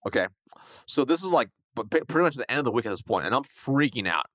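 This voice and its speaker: Fast-talking man telling a story. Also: mid-range voice, no echo, clean studio sound. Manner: fast, animated, acts out quoted dialogue. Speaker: guest, sales coach. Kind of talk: conversational storytelling.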